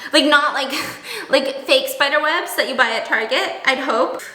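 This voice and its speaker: A young woman chatting casually in a vlog, animated and laughing as she tells stories. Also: high voice, unhurried, echoey room, low-quality recording. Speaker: beauty vlogger.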